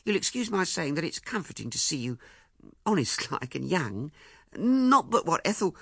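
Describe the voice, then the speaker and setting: A man voicing a small, flustered middle-aged woman, speaking high and fretfully in a storybook reading. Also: big pitch swings, moderate pace, gravelly, pushed and bright, slightly rough, no room sound, clean studio sound, full character voice.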